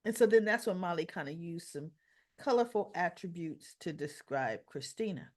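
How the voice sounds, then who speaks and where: A woman's voice: fairly low pitch, lively intonation, normal speed, darkish tone. A woman giving a casual, chatty recap of a soap opera episode. She retells the scenes by quoting the characters' lines and adds conversational asides to her viewers.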